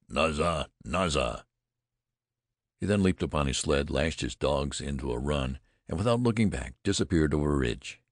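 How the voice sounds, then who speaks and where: A man narrating an adventure audiobook in a measured, dramatic storytelling manner. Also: extremely low pitch, dry recording, clean studio sound.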